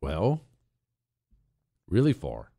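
A man's voice: deep voice, wildly swooping pitch, extremely slow, warm tone, breathy edge, no room sound, studio quality. A man hosting a radio talk show, brash and sarcastic, reading ads and listener mail and laughing along. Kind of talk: talk radio monologue with ad reads. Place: radio studio. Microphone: studio mic.

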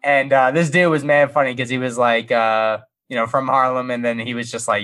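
Animated man telling a casual story. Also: mid-range voice, brisk, few pauses. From Brooklyn family roots. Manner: animated, swears freely, acts out dialogue.

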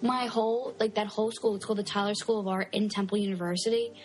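A woman in her twenties co-hosting a casual podcast, telling animated stories full of "like". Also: mid-range voice, quick pace, low-quality recording. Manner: animated storyteller, heavy use of "like". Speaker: podcast co-host.

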